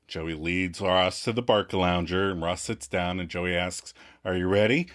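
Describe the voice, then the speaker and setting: A man co-hosting a podcast, recapping a sitcom episode in casual chat and acting out the characters' lines in high, squeaky voices. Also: fairly even intonation, normal speed, hardly any pauses, fairly bright tone. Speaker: podcast co-host.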